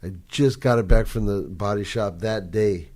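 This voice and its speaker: A man with a low voice tells a story in a relaxed, drawling, profane way. His tone is dark and mellow, and he talks like it's a casual chat. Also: normal speed. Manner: laid-back, profane, drawling.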